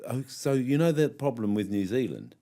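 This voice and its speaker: A man's voice: medium pitch, very animated, normal speed, warm tone. A man co-hosting a gardening podcast, chatting casually and teasing his co-host with jokes. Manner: jokey, teasing, laughs often.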